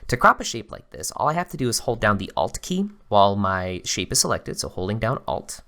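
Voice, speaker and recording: A man hosting a screen-recorded software tutorial, explaining each step in a relaxed, conversational way. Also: on the low side, fairly quick.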